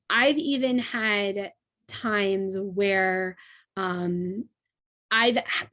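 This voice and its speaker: A woman's voice: medium pitch, a bit bright. A young adult woman teaching a class in a conversational way, with many fillers and frequent checks like "right?". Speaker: instructor.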